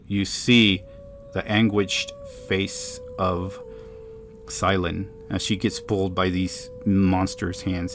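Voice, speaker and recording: Give me a deep-voiced man narrating a tabletop game as game master. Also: a little hiss or hum. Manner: descriptive, dramatic narration.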